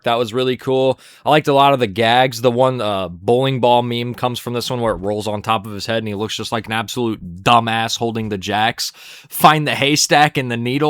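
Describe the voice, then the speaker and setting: Young male reviewer, bright dry voice, casual profane rambling commentary. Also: mid-range voice, dry recording. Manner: profane, rambling, laughing at jokes. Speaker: episode reviewer.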